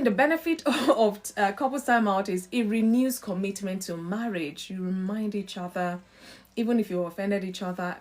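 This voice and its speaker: Animated woman host. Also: mid-range voice. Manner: animated, acts out quoted family voices. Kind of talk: live-stream marriage talk.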